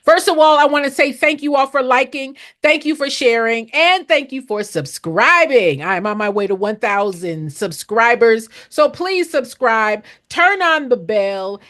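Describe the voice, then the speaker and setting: Middle-aged woman consultant: direct, emphatic teacher with a lively, higher-pitched delivery and preacher-like repetition. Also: a little slow, few pauses. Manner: blunt, emphatic, preachy, repeats key lines. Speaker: nonprofit consultant. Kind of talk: direct live-stream teaching to viewers.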